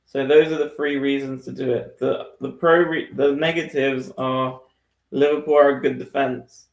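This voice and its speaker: A man's voice: mid-range voice, flat delivery, normal speed. A man co-hosting a casual fantasy football podcast, musing aloud, laughing often and trailing off. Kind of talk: casual chat. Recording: echoey room.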